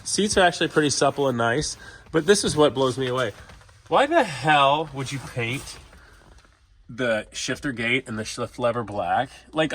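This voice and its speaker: Feeling sick, the host of a car channel gives a casual walkthrough of his shop, chatting frankly and meandering as he calls his audience "you guys." He has a mid-range, somewhat bright voice, and a little background noise is audible.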